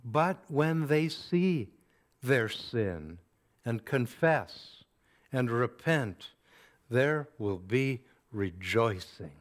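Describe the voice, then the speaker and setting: Male preacher, mid-pitched, very slow and deliberate delivery, sermon style.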